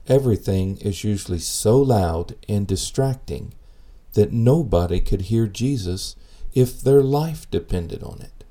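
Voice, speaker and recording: Low gravelly-voiced male preacher. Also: warm tone. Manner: earnest, measured, rhetorical questions. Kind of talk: sermon.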